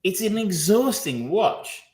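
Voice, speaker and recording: In a high, very animated voice that's slow and a little mellow, a man co-hosts a film-review podcast. His casual, rambling talk is peppered with ums, restarts and swearing.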